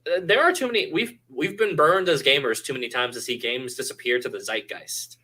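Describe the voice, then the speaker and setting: A man's voice: medium pitch, fairly quick, pushed and bright, rough recording. A man co-hosting a live-streamed podcast in casual, rambling chat, joking and swearing freely. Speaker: podcast co-host.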